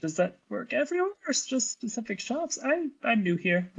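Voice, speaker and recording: Gravelly, husky tabletop player. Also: medium pitch, very animated. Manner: halting, self-interrupting questions. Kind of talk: playing a tabletop game, in and out of character.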